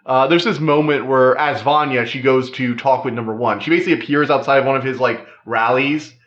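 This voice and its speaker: A man talks through a TV season in a loose, rambling review voice, leaning on "like" and restarting his sentences. His pitch sits in an ordinary middle range. The recording is roomy and a little dull. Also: fairly even intonation, brisk, a bit bright. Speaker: TV show reviewer. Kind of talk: casual spoken review.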